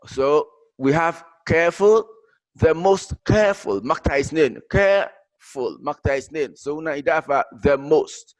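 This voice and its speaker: A man teaching an English grammar lesson, explaining in English mixed with Arabic, halting and repeating himself with many fillers. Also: a little high, no echo.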